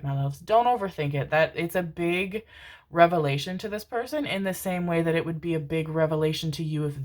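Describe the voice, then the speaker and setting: A woman giving a casual tarot reading to her viewers, rambling and emotional, calling them pet names and swearing casually. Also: deep voice. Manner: tender, calls listeners pet names. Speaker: tarot reader.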